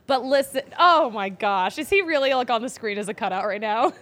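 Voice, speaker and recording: A high, lively female voice that swoops up and down as she chats. She hosts a loose, casual show and keeps things bubbly, giggling often between segments. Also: fairly quick, a little hiss or hum. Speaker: host. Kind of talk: casual chat.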